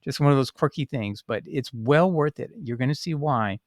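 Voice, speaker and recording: A man hosting his own channel, casually talking through a Bible passage and reading verses aloud, pausing often with fillers and restarts. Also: medium pitch, no room sound, studio quality. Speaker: Bible teaching channel host. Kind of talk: casual spoken Bible commentary.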